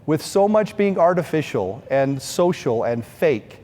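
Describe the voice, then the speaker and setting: A man's voice: a little high, sing-song, measured pace, mellow, long reverb tail. A middle-aged man giving a heartfelt storytelling speech at a fundraising event, speaking earnestly to the audience.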